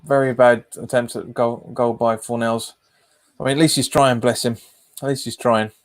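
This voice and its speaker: A man's voice: mid-range voice, level tone, moderate pace. Chatty man doing live match commentary. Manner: casual, chatty, trails off mid-sentence and repeats himself. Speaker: football watch-along streamer.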